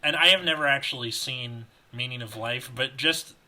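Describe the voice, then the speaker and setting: A man with a very bright, forward voice reads a story aloud on a podcast. He keeps a middle pitch and a loose, chatty delivery, tripping over a word now and then and correcting himself. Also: moderate pace, low-quality recording. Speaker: podcast co-host reading fan fiction aloud. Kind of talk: casual chat and reading aloud.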